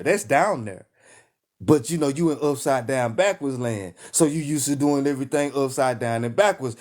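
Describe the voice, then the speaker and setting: An online preacher with a Texan accent delivers a fiery live-stream sermon in a slightly high, somewhat mellow male voice. He is emphatic and repetitive, pounding his lines in a call-and-response style.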